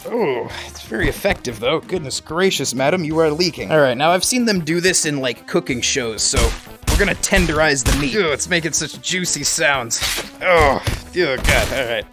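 A man's voice: a little high, expressive, moderate pace, music in the background. Goofy, laughing young man gaming. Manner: goofy, laughs often, jokey asides to the viewer. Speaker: gaming video host. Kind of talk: let's-play commentary.

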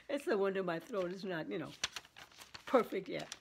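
A woman in her seventies with a husky voice, chatting and laughing as she tells stories to her vlog viewers. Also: medium pitch, background noise. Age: 70s. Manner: chatty, laughs often while telling. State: throat trouble. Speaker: vlogger. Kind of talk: casual storytelling chat.

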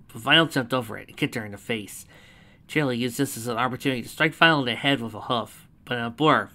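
A man narrates a fanfiction story with a bright, forward voice and a middle pitch. He breaks off now and then for chatty asides before returning to the narration. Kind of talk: reading fanfiction aloud with casual asides.

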